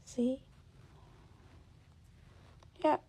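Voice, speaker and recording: A woman hosting a casual reaction commentary, indignant and drawn-out, sometimes dropping to near-whispers. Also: warm tone. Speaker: commentary host.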